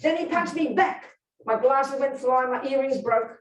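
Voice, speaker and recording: A woman's voice: sits high, unhurried, recorded from a distance. A Buddhist nun teaching a live workshop, speaking bluntly and emphatically and putting direct questions to her listeners. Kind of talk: teaching talk to a live group. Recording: roomy hall, speaker away from the mic.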